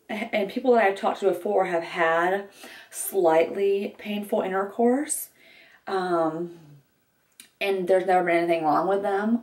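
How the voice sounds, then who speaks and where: A young woman chats candidly to her camera, circling back often with fillers and restarts. Her voice sits on the low side. The sound is roomy and echoey, with her a little away from the mic. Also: a little mellow, far from the mic. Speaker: vlogger. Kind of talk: get-ready-with-me vlog. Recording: echoey room, voice a bit off-mic.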